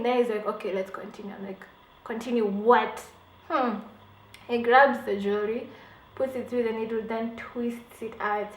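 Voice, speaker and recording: A woman's voice: a little high, moderate pace. A young woman, telling a dramatic personal story for her vlog with laughs and acted-out quotes. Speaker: beauty vlogger. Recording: echoey room, faint background hum.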